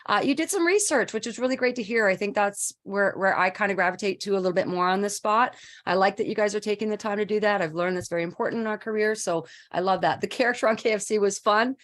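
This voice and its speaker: A woman's voice: medium pitch, fast talker, hardly any pauses, a bit bright. A woman judging a voice-over contest, giving chatty, encouraging live feedback with fillers. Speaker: judge on a voice-over competition.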